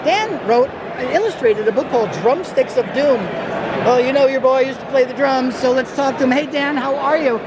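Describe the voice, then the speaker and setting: A man's voice: very high voice, moderate pace. A man hosting a casual convention interview in an upbeat, chatty way. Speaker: interviewer host. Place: busy convention hall. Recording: loud crowd and hall noise.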